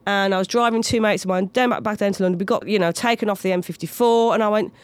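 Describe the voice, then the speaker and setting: A woman's voice: mid-range voice, quick pace, clear, resonant tone, no echo. A woman in her thirties, a comedian guest, chatting casually and telling anecdotes with lots of put-on voices. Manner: animated storytelling with mimicked voices.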